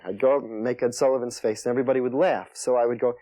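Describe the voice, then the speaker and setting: A soft-spoken male comedian telling stories in an interview, halting and restarting as he talks. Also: medium pitch, fairly even intonation, dry recording. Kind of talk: interview storytelling.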